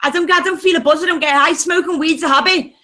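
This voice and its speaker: A woman's voice: extremely high pitch, steady tone, fast, pushed and bright. A woman arguing heatedly in an online voice chat, combative and swearing constantly. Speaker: voice chat room participant.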